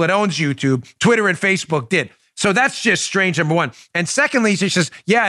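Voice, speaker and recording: A man's voice: a little high, a bit bright, dry recording, studio quality. A man hosting a political commentary show, sarcastic and mocking, emphatic and heated, with jokey banter toward his co-host.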